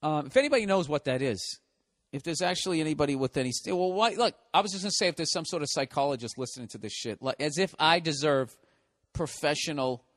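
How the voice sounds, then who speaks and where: A man's voice: on the high side, animated, fast, fairly bright tone, no echo, clean studio sound. A man in his forties with a Boston accent, hosting a podcast alone, telling profane, self-mocking stories with lots of restarts. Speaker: podcast host. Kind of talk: casual rambling monologue.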